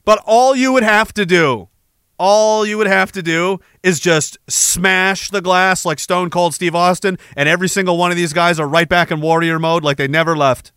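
A man's voice: sits high, fairly even intonation, moderate pace, sharp tone, clear, resonant tone, no echo, studio quality. A man hosting a podcast, delivering an angry, sarcastic, profane monologue. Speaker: podcast host. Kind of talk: ranting monologue.

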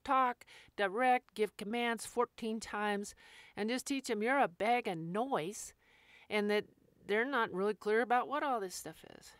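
A middle-aged woman dog trainer talks through her advice in a blunt, folksy, emphatic way. Her voice sits at an ordinary pitch and is recorded close and dry, with no room sound. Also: no room sound. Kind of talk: casual podcast advice.

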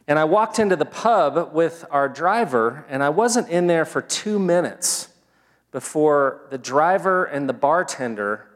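Earnest preacher in a reverberant hall. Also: male voice, a little high. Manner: measured, earnest, builds points in short phrases. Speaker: pastor. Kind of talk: sermon with opening prayer. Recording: long reverb of a large hall.

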